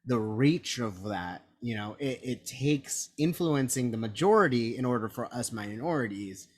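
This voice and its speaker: A young man co-hosting a casual film chat, animated and swearing freely as he acts out reactions. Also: mid-range voice, moderate pace. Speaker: podcast co-host.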